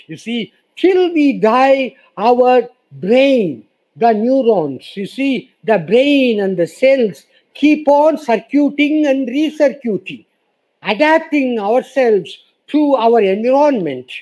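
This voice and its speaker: A man's voice: extremely high pitch, dark tone, rough recording. A man gives a formal lecture as a guest speaker, emphatic and repeating "you see" often. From India.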